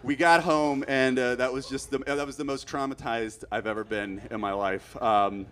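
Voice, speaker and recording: Storytelling stand-up comedian, rising to frantic. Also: male voice, medium pitch, steady tone, normal speed. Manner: rambling, gets loud and frantic acting out panic.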